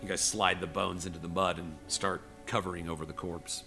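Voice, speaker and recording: A man's voice: low-pitched, little pitch movement, fairly quick, gravelly, sharp tone, faint music behind. A man narrating a tabletop game as game master, rambling with many fillers. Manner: rambling, filler-heavy storytelling.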